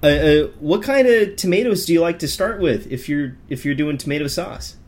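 A man's voice: fairly high pitch, lively intonation, moderate pace, darkish tone. A man hosting a podcast in casual chat, laughing often and asking eager questions. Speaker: podcast host.

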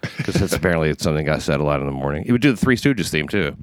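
Deep-voiced sardonic New man. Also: animated, very fast. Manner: sardonic, profane, riffing asides. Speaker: podcast host reading news. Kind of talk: casual comedic news chat.

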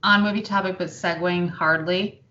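A woman's voice: lowish voice, fairly even intonation, moderate pace, bright, forceful tone. A woman in her forties co-hosting a podcast, chatting casually with a sarcastic edge and steering the topic. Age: 40s. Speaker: podcast co-host. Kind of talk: casual chat. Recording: echoey room, dull lo-fi sound.

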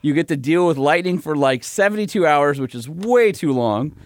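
A man hosting a podcast who reads sponsor ads live in an upbeat, brisk way and teases his co-host in casual chat. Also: a little high, lively intonation, a little hiss or hum. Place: small cramped room.

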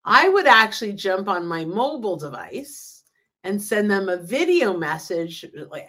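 A woman's voice: mid-range voice, big pitch swings, measured pace, a bit bright. A woman, a sales trainer, chatting casually on a podcast, eagerly explaining her method and acting out sample conversations. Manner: enthusiastic, acts out example dialogue. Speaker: LinkedIn sales trainer, guest.

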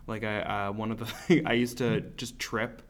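A man's voice: on the low side, little pitch movement, moderate pace, a little hiss or hum. Laid-back young man, rambling chat. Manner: rambling, self-deprecating, laughs often. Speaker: podcast host. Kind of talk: casual chat.

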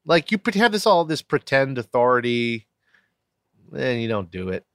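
A man's voice: mid-range voice, moderate pace, dry recording, clean studio sound. A man co-hosting a casual talk show, joking and ranting with lots of swearing. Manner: animated, profane, jokey rants. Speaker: podcast co-host. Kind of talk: casual chat.

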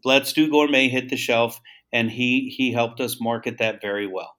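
A man's voice: medium pitch, fairly even intonation, normal speed, a bit bright. A man in a casual interview, a brand founder telling a long story and acting out the dialogue, loose with repeats and restarts. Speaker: guest, founder of a seasoning brand.

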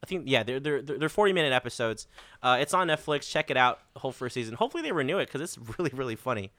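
Casual male co-host, crisp and bright, dry close sound, rambling. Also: mid-range voice, animated, racing, dry recording. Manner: rambling, chatty with fillers. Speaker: podcast co-host. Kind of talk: casual chat.

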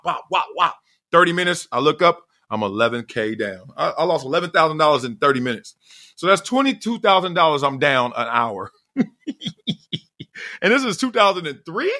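A middle-aged man hosting a casual solo podcast, telling slangy, animated stories and laughing often. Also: a little high, moderate pace. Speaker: podcast host.

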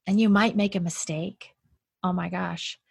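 A woman's voice: fairly low pitch, steady tone, a little slow, gravelly, darkish tone, breathy edge, no room sound, clean studio sound. A woman talking as a podcast guest in a casual, chatty conversation, with lots of "like" fillers and frequent laughs.

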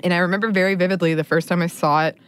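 A woman's voice: fairly low pitch, fairly even intonation, racing, clean tone. A woman co-hosting a podcast in casual chat, chatty and often laughing as she talks. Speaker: podcast co-host.

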